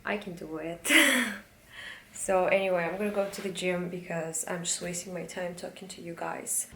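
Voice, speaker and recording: A young woman chatting casually to her camera as a vlogger, relaxed and chatty with small laughs. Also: on the low side, normal speed, a little hiss or hum. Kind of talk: casual vlog chat.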